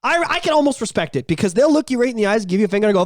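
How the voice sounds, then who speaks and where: A man with a notably high speaking voice rants crudely and animatedly through a casual podcast chat, now and then jumping into loud quoted voices. The sound is close and dry, with no room around it. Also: sing-song, very fast, no echo. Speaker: podcast co-host.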